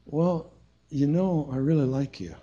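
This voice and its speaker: A man's voice: on the high side, a little fast, mellow, lo-fi sound, close to an everyday voice. A man voicing the fisherman Peter as a hesitant, stammering man. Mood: sheepish.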